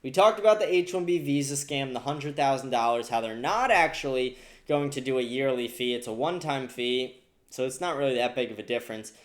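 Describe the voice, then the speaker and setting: A man's voice: mid-range voice, brisk. A man hosting a podcast, ranting profanely and indignantly about the news. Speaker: podcast host. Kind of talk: casual political commentary.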